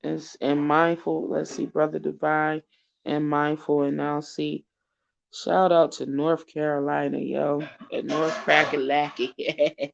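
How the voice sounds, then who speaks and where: Gravelly, tearful man hosting a livestream. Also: on the high side, flat delivery, a little slow. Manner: preacherly and urgent, with repeated phrases and casual shout-outs. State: tearful and emotional. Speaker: host of a live online show. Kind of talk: emotional livestream talk and exhortation. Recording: dull lo-fi stream audio.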